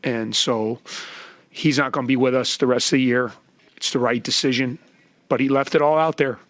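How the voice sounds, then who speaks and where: Treinador emocionado, som seco. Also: male voice, mid-range voice, steady tone, moderate pace, fairly bright tone, no room sound. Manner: emotional, choked up. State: emotional. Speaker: basketball coach. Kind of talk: press conference remarks.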